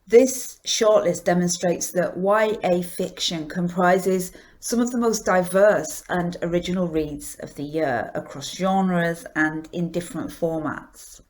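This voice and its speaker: A woman hosting an awards presentation, reading a script in a measured, deliberate way. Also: on the low side, darkish tone. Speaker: awards host.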